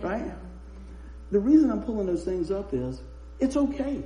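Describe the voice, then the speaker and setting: A man with a high voice preaches in a roomy, echoing space. He mixes scripture with chatty, laughing anecdotes. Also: big pitch swings, moderate pace, warm tone. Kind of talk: sermon with humorous storytelling. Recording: roomy echo.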